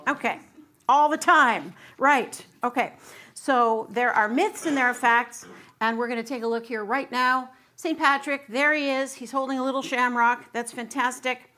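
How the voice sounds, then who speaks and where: In a church sanctuary, a middle-aged woman serving as guest minister gives a Sunday sermon with singing and banter with the audience. Her high, bright, forceful voice moves at normal speed, and she is bubbly and chatty, laughing along with the congregation.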